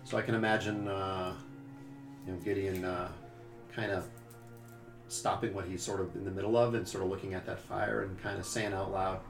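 Gravelly man playing a tabletop game. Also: deep voice, little pitch movement, moderate pace. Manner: musing, hesitant with fillers. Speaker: player. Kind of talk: casual tabletop game play. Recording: roomy distant mic with music.

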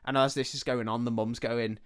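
A man hosts a podcast and casually walks through a film's story. He speaks at a middle pitch and slips into the characters' voices as he goes. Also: level tone, brisk, a bit bright. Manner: retells the plot loosely, acting out the characters' lines. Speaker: podcast host. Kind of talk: casual film recap chat.

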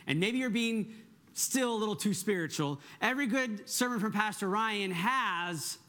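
A middle-aged man preaching a sermon as pastor, energetic and conversational, often checking in with the congregation. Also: sits high, normal speed.

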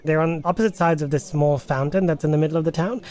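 A man running a tabletop role-playing game podcast as game master, narrating in a relaxed, chatty way. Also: on the high side, fast.

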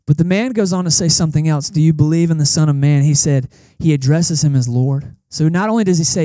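A young man preaching a casual, animated sermon at a church service, acting out the people in the story as he goes. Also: a little high, quick pace, few pauses, no echo. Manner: animated, conversational preaching with acted-out quotes. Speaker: pastor. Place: church service in a cinema auditorium.

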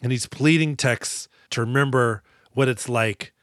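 A man's voice: mid-range voice, measured pace, no echo, studio quality. A man co-hosting a podcast, retelling a movie in a casual, profane and laughing way. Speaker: podcast co-host. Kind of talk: casual movie-review chat.

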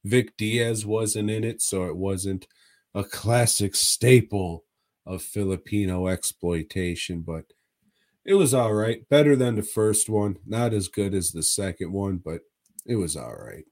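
A man co-hosting a podcast, talking through movies in a slow, drawn-out way. His voice sits on the low side, and his chat is loose, crude and full of chuckles. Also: animated, darkish tone. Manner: laid-back, profane, chuckling. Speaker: podcast co-host. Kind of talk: casual movie review chat.

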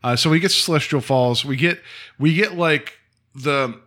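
A man's voice: fairly high pitch, a bit bright. A man co-hosting a podcast, chatting casually about a TV episode, rambling with lots of fillers and laughing often. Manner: rambling, filler-heavy, quick to laugh, slips into mock voices. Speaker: podcast co-host. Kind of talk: casual chat reviewing a TV episode.

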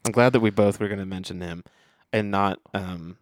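A man with a fairly low voice talks movies in easy, rambling podcast chat, often trailing off and starting over. The sound is dry and close, with no room around it. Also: normal speed, dry recording. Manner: laid-back, rambling, trails off and restarts. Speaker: podcast co-host.

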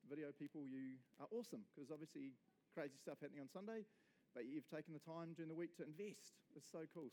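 A man with a New Zealand accent, a pastor giving a casual, jokey sermon full of asides to the congregation. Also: on the high side. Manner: jokey, energetic, chatty with frequent asides to the congregation. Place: church service.

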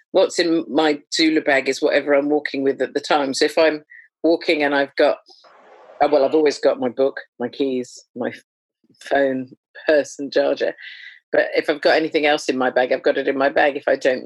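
A woman, a doula, chatting as a podcast guest in a lively, humorous storytelling way. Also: a bass voice, dry recording. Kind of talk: conversational storytelling.

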